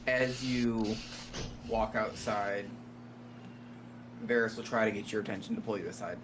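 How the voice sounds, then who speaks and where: A man's voice: lowish voice, steady tone, unhurried, recorded from a distance, noisy background. A man playing a tabletop game, explaining his character's reactions in a wry, casual way. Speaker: player.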